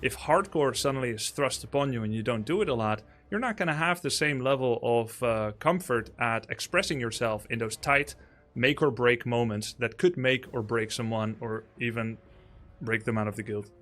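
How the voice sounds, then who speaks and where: A man's voice: mid-range voice, moderate pace, a bit bright. A man with a Dutch accent, talking at length and laughing as a guest in a casual interview. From Netherlands. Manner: talkative, laughing, explanatory. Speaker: guest, streamer.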